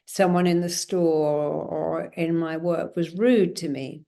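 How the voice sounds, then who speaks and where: A middle-aged woman speaks as a guest in an interview. Her voice is low and gravelly. She acts out bits of dialogue with lively jumps in pitch. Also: takes it slowly, few pauses, soft background music. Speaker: guest therapist. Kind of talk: conversational interview.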